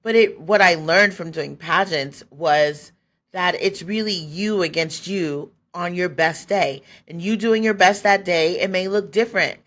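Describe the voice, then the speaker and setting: A woman's voice: fairly low pitch, measured pace, fairly bright tone. A woman in her forties hosting a podcast, telling her own story in a candid, loose way, laughing often and acting out what she was thinking back then. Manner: loose and conversational, many fillers. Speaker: podcast host. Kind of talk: personal storytelling.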